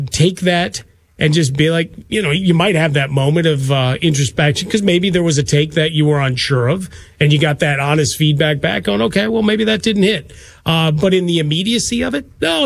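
A man's voice: on the high side, creaky, no echo. A man co-hosting a sports talk radio show, musing in a loose, conversational way.

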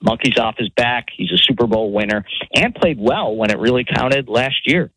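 A man's voice: mid-range voice, moderate pace, pushed and bright, slightly rough, dry recording, poor audio. A man calling in to a sports radio show, working steadily through a prepared comment. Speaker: caller.

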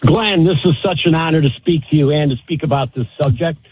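Middle-aged male caller, earnest and thankful, husky, coming through a phone line. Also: on the high side, fast. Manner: grateful and earnest. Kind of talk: call-in radio talk. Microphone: telephone.

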